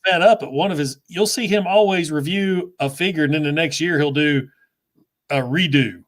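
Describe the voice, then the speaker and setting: A man's voice: fairly high pitch, moderate pace. Enthusiastic man explaining toys. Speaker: toy reviewer and host. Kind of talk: casual live chat.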